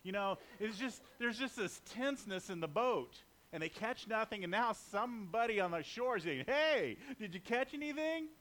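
A man with a high voice delivers a sermon in a loose, chatty manner. He jokes with the congregation and slips into acted-out quotes along the way. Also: expressive, normal speed, hardly any pauses, a bit bright. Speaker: preacher.

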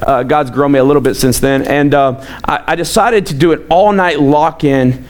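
A man in his thirties preaching a sermon as a pastor, telling personal stories in an animated way with frequent restarts. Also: a little high, normal speed. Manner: animated, storytelling, repeats words.

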